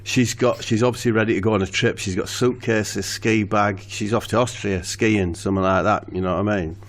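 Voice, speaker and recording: A man, telling a rambling comic story to a co-host in a deadpan way. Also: on the low side, brisk. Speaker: comedy podcast storyteller.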